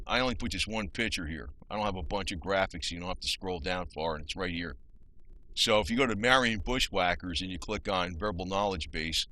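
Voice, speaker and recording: A channel host from New Jersey, USA, rants heatedly in a casual video, his mid-range voice sharp and his New Jersey accent clear despite the rough recording. He rambles, restarts often, and swears mildly.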